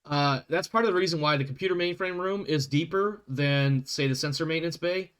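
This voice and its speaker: A man's voice: on the high side, a bit bright, clear, resonant tone. Casual man running a tabletop game. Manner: casual, quick to laugh, explains rules loosely. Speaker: game master.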